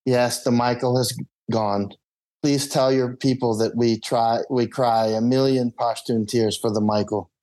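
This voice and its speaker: A man voicing a solemn old bearded Afghan village chief who speaks slowly and formally. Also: mid-range voice, steady tone, dark tone, pitched below the performer's own voice, close to an everyday voice, rough recording.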